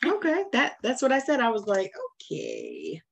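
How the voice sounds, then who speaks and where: A woman's voice: high-pitched, sing-song, brisk, lo-fi sound, a little hiss or hum. A woman from Savannah with a Southern American accent, hosting an interview, effusive and laughing often. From Savannah, Georgia, US. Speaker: host. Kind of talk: casual interview chat.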